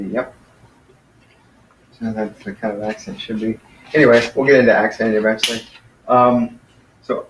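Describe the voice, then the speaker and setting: A man teaching a casual lesson to a class, patiently explaining and slowly sounding out words. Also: medium pitch, slight background noise. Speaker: Greek teacher. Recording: echoey room, mic far off.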